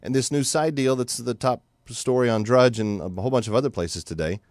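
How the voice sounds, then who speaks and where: Fairly quick and medium in pitch, this American man hosts talk radio with a clean, dry studio sound. His monologue is lively and occasionally mocking, and he impersonates other voices.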